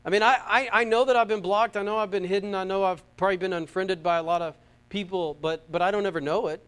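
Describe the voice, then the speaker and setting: A man from the United States preaching a sermon, fervent and emphatic, swinging between loud peaks and quiet asides and repeating his phrases. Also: high-pitched, fairly even intonation, fast talker, clean tone. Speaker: pastor.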